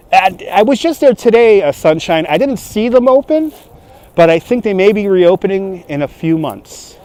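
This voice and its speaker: A fairly high-voiced man with a light New York accent strolls outdoors while livestreaming. He chats casually, reacting to viewer comments. Street traffic passes in the background as he holds a phone on a gimbal. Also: a little mellow. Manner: chatty, answers viewer comments on the go. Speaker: livestream walking tour guide. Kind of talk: casual live-stream chat while walking. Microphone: handheld phone on gimbal.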